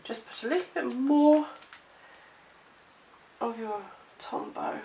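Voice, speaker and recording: High-pitched and slow, this woman's voice is gravelly and dark, and she's winded and coughing as she chats through a card-making demo, laughing at her own mistakes. She's a craft tutorial presenter, talking while she works in a self-deprecating way. The mic sits far off in an echoey, noisy room.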